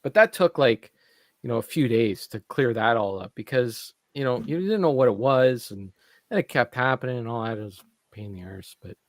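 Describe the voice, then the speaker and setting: A man's voice: mid-range voice, lively intonation, fairly quick, no room sound. A man from Canada in casual podcast chat, telling a rambling story full of fillers and restarts. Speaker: podcast co-host.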